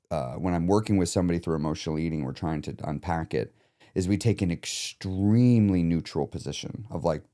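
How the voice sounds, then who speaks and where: A man's voice: sits low, warm tone. A man who coaches clients through emotional eating, talking candidly and reflectively in a casual podcast chat, now and then swearing.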